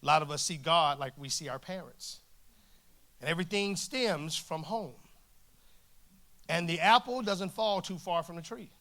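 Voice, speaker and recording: A man in his forties preaching a humorous sermon in a church, lively and jokey, acting out the dialogue in his stories. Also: fairly high pitch, moderate pace, long pauses. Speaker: guest preacher. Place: church stage before a congregation.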